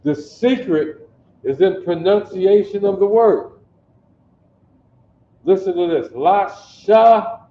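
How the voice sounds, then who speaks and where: A man from Detroit with a high-sitting voice teaches a basic Hebrew class, slowly drilling pronunciation and coaxing students to respond. The recording comes from an echoey room through a distant, dull mic.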